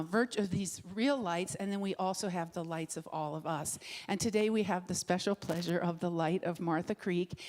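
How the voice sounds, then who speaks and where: A woman giving gracious, unhurried church announcements and thanks from the front of a sanctuary. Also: fairly low pitch, darkish tone. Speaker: announcer at a spiritual center. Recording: reverberant sanctuary.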